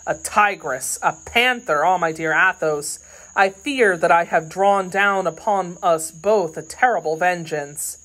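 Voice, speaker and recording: A woman's voice: on the low side, a little slow, a bit bright. A woman voicing an earnest young male swordsman who speaks with urgent pleading in an audiobook reading.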